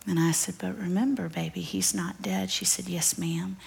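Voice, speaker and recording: A woman teaching a church Bible study, telling a story in an earnest, emphatic way and often dropping to a soft, breathy near-whisper. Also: lowish voice, fairly even intonation, moderate pace. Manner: earnest and emphatic, addresses listeners as y'all. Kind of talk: storytelling sermon. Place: church gathering.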